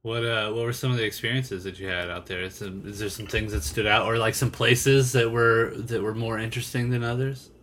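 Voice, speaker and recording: A man's voice: fairly low pitch, steady tone, a little fast, few pauses, fairly bright tone, a little hiss or hum. A man hosting a casual podcast, asking rambling, curious questions with some mild swearing. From United States. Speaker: podcast host.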